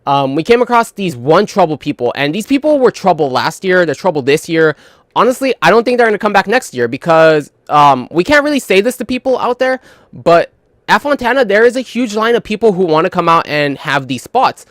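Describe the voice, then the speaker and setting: A man's voice: sits high, sing-song, brisk, fairly bright tone, no echo, clean studio sound. A young man telling work stories in a casual, profane, rambling monologue full of fillers and retold dialogue. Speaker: gaming channel host.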